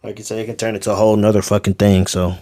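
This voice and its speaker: Low-voiced slangy man telling stories. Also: flat delivery, racing, crowd noise. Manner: laid-back slangy storytelling, heavy profanity. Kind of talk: casual podcast chat.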